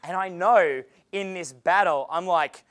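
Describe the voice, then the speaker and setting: A man with an Australian accent giving a live dating-coach seminar in a room with an audience, animated and swearing freely as he acts out dialogues. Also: high voice, measured pace, clean tone.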